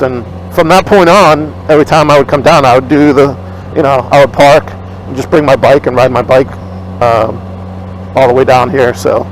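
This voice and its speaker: A man's voice: mid-range voice, low-quality recording. A man vlogging from his motorcycle, casually rambling and retelling an argument, blunt and profane. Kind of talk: casual rambling storytelling while riding. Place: riding a motorcycle on city streets outdoors. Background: faint street and traffic noise.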